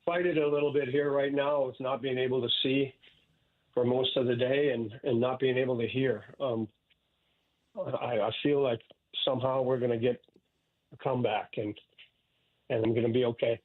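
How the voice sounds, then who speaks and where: An older man from Canada, a radio guest, talking haltingly with many restarts about living with illness. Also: medium pitch, fairly even intonation. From Saskatchewan, Canada. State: ill with cancer. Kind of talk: emotional interview talk. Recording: tinny phone line.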